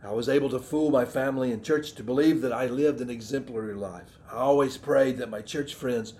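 A middle-aged man with a Southern American accent preaches in an earnest, reflective tone. He restarts phrases often and clears his throat between thoughts. His pitch sits in an ordinary middle range for a man. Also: a little fast, darkish tone. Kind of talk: sermon.

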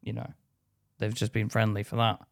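A man co-hosting a podcast, chatting casually in a blunt, sweary way with quick stories. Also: lowish voice, completely flat delivery, creaky. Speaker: podcast co-host. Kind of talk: casual chat.

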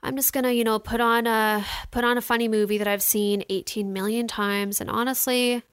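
A young woman talks through her week in a casual vlog, candid and chatty, full of fillers. Her voice is smooth and resonant. The sound is close and dry, with no room around it. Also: on the high side, steady tone, brisk, no room sound. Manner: chatty, candid, lots of "like" and "you know" fillers. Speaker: vlogger. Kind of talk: casual personal storytelling.

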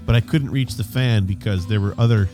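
A man's voice: fairly low pitch, a little fast, dark tone, soft background music. A man co-hosting a podcast, joking around in casual chat and putting on silly voices for bits. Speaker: podcast co-host.

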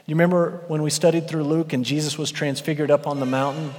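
Animated preaching man in a reverberant hall. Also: a little high, fast talker, hardly any pauses. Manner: animated, rising to shouting for emphasis. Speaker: pastor. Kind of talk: expository sermon. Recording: long reverb of a large hall.

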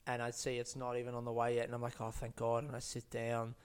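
A man's voice: medium pitch, monotone, fast talker, smooth. A man telling a personal story in a casual monologue, rambling and profane with many fillers and restarts.

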